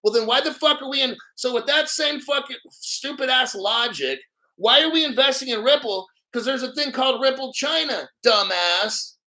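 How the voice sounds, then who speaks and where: Middle-aged male crypto host, high and sharp-edged voice, profane combative rant. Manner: profane, combative, mocking viewers. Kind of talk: angry livestream rant.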